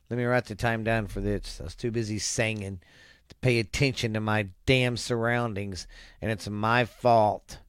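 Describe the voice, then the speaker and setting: A man's voice: fairly low pitch, fairly even intonation, moderate pace, clear, resonant tone, dry recording, studio quality. A man hosting a vlog, reading viewer comments aloud with crude jokes and rambling asides.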